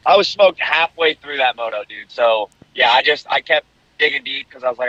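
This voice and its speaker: A man calls in to a podcast and talks fast in a bright, forceful voice. He rambles easily through his stories with plenty of fillers and a slight cough. The call line sounds muffled and a little dull. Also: medium pitch, no room sound. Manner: relaxed, rambling storytelling with lots of fillers. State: coughing a bit. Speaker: guest motocross racer. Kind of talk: casual podcast chat. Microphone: remote call.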